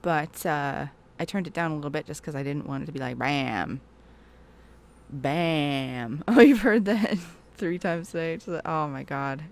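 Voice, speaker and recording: A woman's voice: low-pitched, fairly quick, few pauses, a little mellow. A woman hosting a casual game livestream, chatting with viewers, giggling often and telling jokes. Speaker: streamer host.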